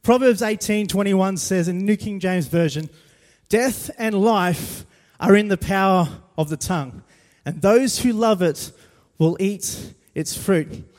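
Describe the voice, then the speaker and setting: Preacher with hall reverb. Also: male voice, high-pitched, unhurried, darkish tone. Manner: storytelling, self-deprecating humor. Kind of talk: sermon.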